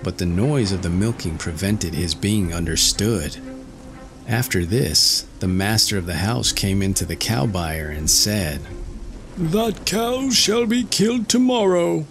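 A man narrating a classic fairy tale in a slow, measured storytelling manner. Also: low voice, a bit bright, soft background music. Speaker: audiobook narrator.

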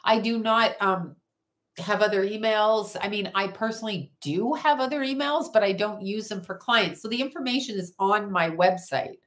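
A woman's voice: medium pitch, moderate pace, a bit bright. A woman hosting a psychic livestream from home, chatting casually and bluntly with viewers and swearing freely as she reads their comments. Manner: blunt, profane, talks back to chat.

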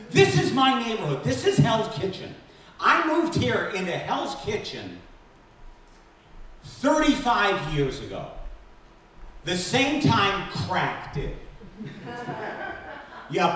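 A man in his fifties does stand-up on a stage, with a high, bright voice that leaps around as he tells his jokes. His delivery is animated and self-deprecating. He sounds far from the mic, and the room gives back a strong echo. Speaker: stand-up comedian. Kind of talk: stand-up comedy set. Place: stage at a benefit concert in a temple. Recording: echoey room from far off with faint ambience.

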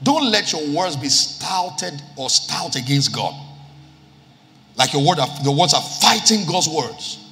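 This Nigerian man preaches as pastor before a live congregation, citing scripture and repeating key lines for emphasis. His fairly high voice is sing-song, unhurried, creaky, bright and forceful, recorded in a reverberant church hall with music.

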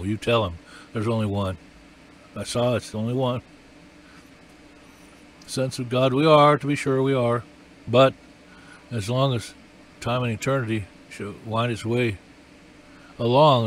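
Emphatic male preacher, faint noise behind. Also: mid-range voice. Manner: emphatic, repetitive, rising and falling with emotion. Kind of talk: sermon.

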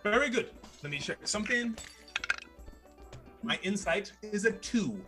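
A man narrating a tabletop game as game master, telling the action in a lively, theatrical way. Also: high voice, measured pace, music in the background.

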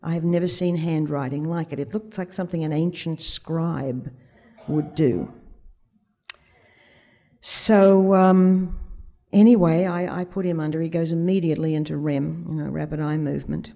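Telling a vivid anecdote at a conference, a woman quotes the dialogue along the way in this storytelling talk before an audience on stage. Her low, mellow voice carries some vocal fry, with a steady tone and moderate pace.

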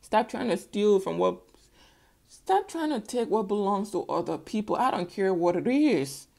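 A woman's voice: medium pitch, expressive, normal speed, vocal fry, a little mellow. A middle-aged woman giving a casual tarot reading, sassy and teasing, repeating words for emphasis. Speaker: tarot reader.

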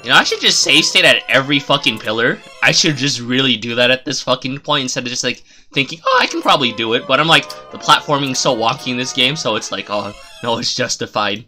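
A man's voice: medium pitch, fast, few pauses, bright, forceful tone, soft background music. A man streaming a video game live, giving profane, exasperated running commentary as he plays.

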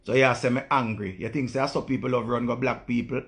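A man with a rough, gravelly Jamaican voice, holding forth to his stream viewers in a loose, unscripted monologue. He talks bluntly in patois, swears freely and circles back to his points. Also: mid-range voice, steady tone, fast, fairly bright tone. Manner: blunt, profane ranting in patois. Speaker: live-stream host.

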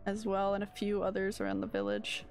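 A woman's voice: mid-range voice, very animated, a little fast, a little mellow, faint music behind. A woman streamer giving casual gameplay commentary in a sleepy, rambling way, often searching for her words. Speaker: game streamer.

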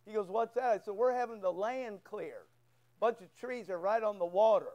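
A man's voice: sits high, fairly quick, a little mellow. A male pastor preaching a sermon in church, telling a folksy story and acting out both sides of a conversation. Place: church sanctuary.

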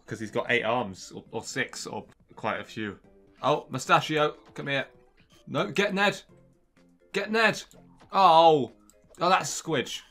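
A young man giving jokey, excitable let's-play commentary and chatting to the characters on screen. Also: medium pitch. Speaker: gaming channel host.

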